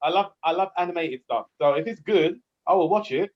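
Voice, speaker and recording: A man's voice: a little high, a little fast, a little hiss or hum. A man co-hosting a casual podcast chat, talking in a rambling, hesitant way with lots of fillers. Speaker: podcast co-host. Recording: dull lo-fi audio.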